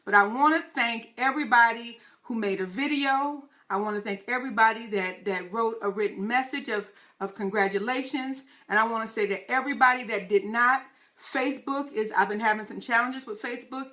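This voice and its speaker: A woman host with a high, ringing voice and a sharp, bright edge. She talks to her listeners in an excitable, hyped, chatty way on her live talk show. She addresses them as y'all. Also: brisk.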